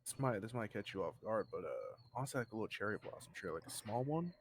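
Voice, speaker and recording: A man's voice: fairly low pitch, big pitch swings, fast, a little hiss or hum. A man answering questions in a casual role-play interview, rambling with many restarts and fillers.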